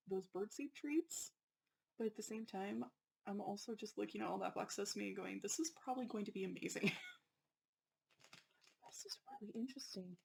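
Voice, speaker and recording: Excitable woman chatting through an unboxing. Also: mid-range voice, creaky, breathy edge, rough recording. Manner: excitable, apologetic, chatty with frequent laughs. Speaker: unboxing channel host. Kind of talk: casual unboxing chat.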